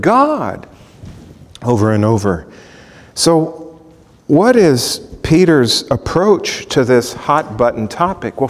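A man's voice: fairly high pitch, a little mellow. A man teaching a Bible sermon, walking listeners through verses and asking the congregation rhetorical questions. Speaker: pastor. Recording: long hall reverb.

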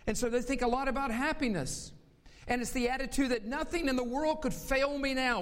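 A man's voice: high-pitched, big-room sound. A man from North Carolina with a faint Southern accent, preaching a sermon as pastor, stretching key words for emphasis.

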